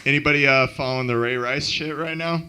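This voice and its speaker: A man doing a deadpan, self-mocking stand-up comedy set at an open mic in a club. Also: mid-range voice, fast, clean tone.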